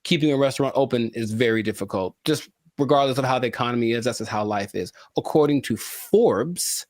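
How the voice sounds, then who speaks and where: A man hosts a casual podcast with animated, jokey energy and plenty of rambling asides. His voice is mid-pitched. The recording is dry and close, with no room sound. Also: a little fast, no room sound. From California. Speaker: podcast host and musician.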